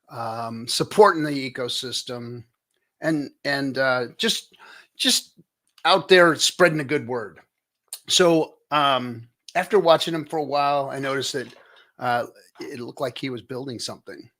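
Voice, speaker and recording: A man's voice: mid-range voice, unhurried, fairly bright tone. A middle-aged American man hosting a casual live-stream chat, rambling with lots of fillers and restarts, joking and hyping up his guest. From United States. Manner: jokey and hyped. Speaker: show host.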